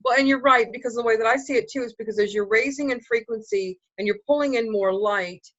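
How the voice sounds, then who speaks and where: A woman's voice: a little high, quick pace, a bit bright, dry recording, lo-fi sound. A woman co-hosting a casual spiritual chat, reassuring and thoughtful as she explains. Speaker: spiritual co-host.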